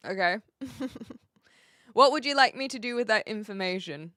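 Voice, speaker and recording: A chatty woman streamer from New Zealand, with a light Kiwi accent and a bouncy, lively pitch that rises and falls a lot. She talks casually to her viewers and laughs easily. The sound is close and dry, with no room echo. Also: moderate pace. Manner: chatty, laughs often, answers viewers' chat messages. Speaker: live streamer. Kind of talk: casual live-stream chat.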